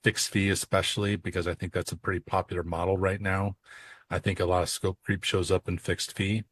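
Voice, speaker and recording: A man with a low voice co-hosts a casual podcast for accountants. He talks in a loose, conversational way and acts out both sides of client conversations as he tells stories. The sound is dry and close. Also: brisk, husky, dry recording. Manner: animated storyteller who acts out dialogue. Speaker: podcast co-host and accounting coach.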